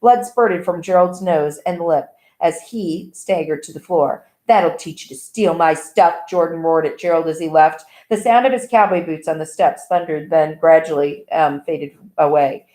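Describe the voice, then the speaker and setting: A woman reading a novel aloud in an even, plain way with small slips. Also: low voice, moderate pace, hardly any pauses. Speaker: audiobook reader. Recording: echoey room.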